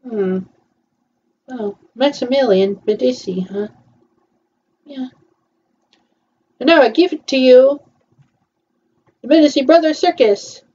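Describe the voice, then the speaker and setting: Woman, high voice, slow easygoing delivery, casual watch-along chatter, murmured agreements, slightly muffled lo-fi sound. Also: mellow, breathy edge. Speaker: viewer reacting to a film.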